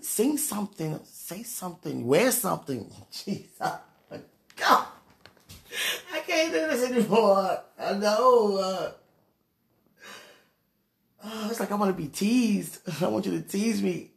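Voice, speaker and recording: A young woman vlogging from her bed in a casual confessional chat to viewers, sighing and muttering dramatic pleas to God, swinging between murmurs and loud outbursts. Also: mid-range voice, expressive, measured pace, gravelly.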